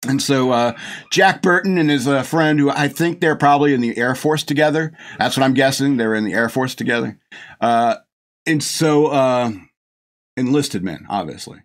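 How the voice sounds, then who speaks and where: Speaking at a normal speed with a medium-pitched voice, a middle-aged man hosts a podcast and reviews a film. He rambles casually, chuckles frequently, gushes, and keeps restarting.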